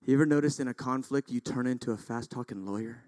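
A man's voice: mid-range voice, fast talker, dry recording. A man, a pastor, preaching a sermon in an intense, emphatic way with self-deprecating asides. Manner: intense, builds to loud emphatic peaks.

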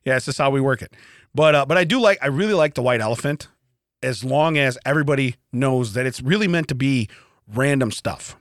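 A man's voice: mid-range voice, lively intonation, a little fast, dry recording, studio quality. A man co-hosting a podcast, telling a story in casual chat, acting out quotes and laughing often. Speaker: podcast co-host. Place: podcast studio.

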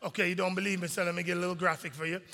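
Pastor guy preaching, really high bright voice, gravelly edge, big echoey sanctuary. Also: very fast. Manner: animated, call-and-response preaching. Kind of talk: sermon. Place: large church sanctuary. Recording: long reverb in a large sanctuary.

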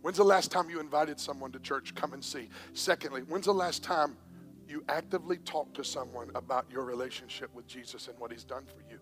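A man preaching a sermon as pastor, swinging between hushed whispers and shouts, with faint music behind. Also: mid-range voice, fairly quick. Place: church.

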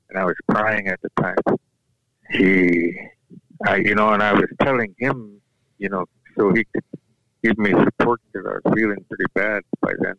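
Gravelly low-voiced man telling a story. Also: steady tone, a bit bright, no echo. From Alaska. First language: Yup'ik. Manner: unhurried, halting, with frequent restarts. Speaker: guest sharing a personal story. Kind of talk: reflective personal storytelling. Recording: dull lo-fi dry recording.

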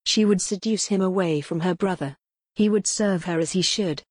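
A woman narrates a gothic novel in a measured, dramatic storytelling voice. Her tone sits a little low. The recording is close and dry, with no room sound. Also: a little mellow, breathy edge, no room sound. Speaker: audiobook narrator. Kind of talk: scripted narration.

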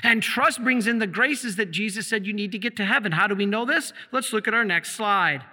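A man preaching a sermon as a priest, asking the congregation questions and answering them himself, slowing and dropping low for emphasis. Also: sharp tone. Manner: slows down and drops low for emphasis. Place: church. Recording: long echo of a church hall.

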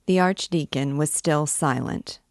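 A woman reading a classic novel aloud with steady, expressive delivery. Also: sits low, measured pace, no room sound, studio quality. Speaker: reader.

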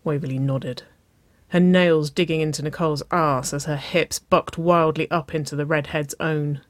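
A reader narrating intimate fiction in a slow, soft, hushed storytelling voice. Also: medium pitch, fairly even intonation, no echo.

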